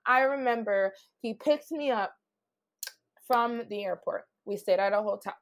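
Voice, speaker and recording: A woman's voice: fairly high pitch, unhurried. A woman being interviewed, telling her own story in a blunt, profane way with many "like"s. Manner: blunt, profane, heavy use of "like". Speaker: interview guest. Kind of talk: candid personal storytelling.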